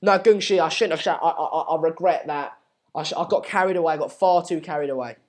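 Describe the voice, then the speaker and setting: A man's voice: fairly high pitch, quick pace. A young man hosting a casual live stream, reading out viewer comments in a hesitant, rambling way with many fillers.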